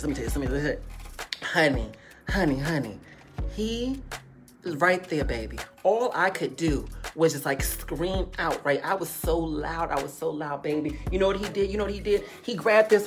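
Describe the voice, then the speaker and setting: Lady spilling a story to her viewers, lots of honey and baby, lowish voice, faint music behind. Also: normal speed. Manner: animated and emphatic, calling listeners honey and baby; repeats phrases for emphasis. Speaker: vlogger telling a story. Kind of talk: casual storytime monologue.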